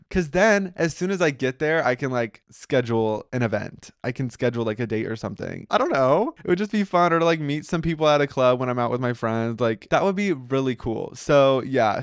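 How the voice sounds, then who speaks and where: A man's voice: mid-range voice, no room sound, studio quality. A young American man hosting a podcast, talking casually and playfully with many fillers. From United States. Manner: chatty, lots of "like" fillers, playful and giddy. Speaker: podcast host. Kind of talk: casual solo chat.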